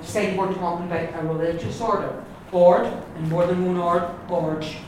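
A man with an Ulster accent teaches Irish pronunciation, modelling each word slowly and repeating it. His voice sits a little high and sounds distant in a very echoey classroom, with noise audible behind him. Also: steady tone. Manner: explains patiently, models words slowly and repeats them. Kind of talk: pronunciation lesson. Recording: echoey room, mic far off, background noise.

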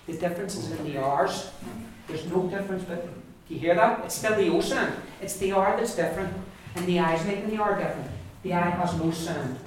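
A man with an Irish accent leads a classroom pronunciation lesson, saying words over and over for the class to repeat. His voice sits a little high and reaches the mic from some distance. The room is very echoey, with faint noise behind him. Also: a little fast, hardly any pauses. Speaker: Irish language teacher.

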